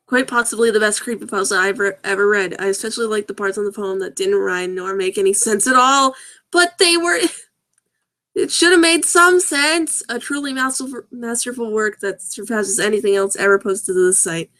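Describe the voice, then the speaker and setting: A woman's voice: mid-range voice, pushed and bright. A woman hosting a video, reading awkward fan fiction and comments aloud in a casual comic way, often laughing and sounding puzzled as she stumbles over the text. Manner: giggly, breaks into laughter while reading.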